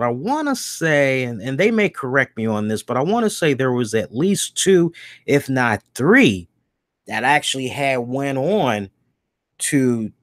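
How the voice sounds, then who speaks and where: A man's voice: medium pitch, no echo, clean studio sound. A man co-hosting a podcast, telling a long personal story in a rambling, casual way, correcting himself and swearing now and then. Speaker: podcast co-host.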